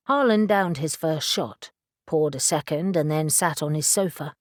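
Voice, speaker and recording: A woman narrating an audiobook in a steady, measured way. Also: low-pitched, no room sound, clean studio sound.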